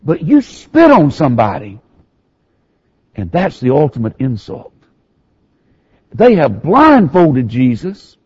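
A pastor delivering a sermon, his slightly high, husky voice rising and falling widely as he tells the story. He moves between hushed, reflective passages and raised, emphatic ones. The recording sounds muffled and lo-fi. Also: wildly swooping pitch, slow pace, long pauses.

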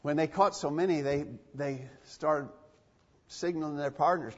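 A man preaching in a husky, fairly high voice, pressing his points and repeating phrases to drive them home. His words ring out with a long echo through a church hall. The recording sounds dull and lo-fi. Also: a little slow. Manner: emphatic, repeats phrases for stress. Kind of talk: sermon.

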